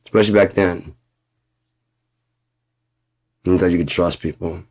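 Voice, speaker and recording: A man's voice: low voice, steady tone, unhurried, darkish tone. A man in a blunt, profane ranting monologue for his vlog. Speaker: vlogger.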